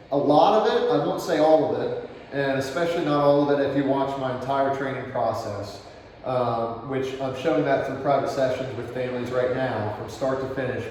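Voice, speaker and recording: Casual male trainer, mid-pitched, talking through a demo; distant camera audio with echo. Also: slight background noise. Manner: relaxed, praising the dog in a soft low voice. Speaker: dog trainer. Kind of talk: explaining while demonstrating.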